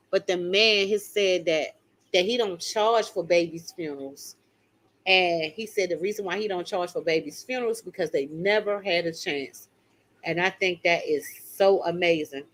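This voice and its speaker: Older woman, live-stream host, emphatic, casual chat with viewers. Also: mid-range voice. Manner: emphatic, talks straight to viewers with "y'all". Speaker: channel host reading viewer comments.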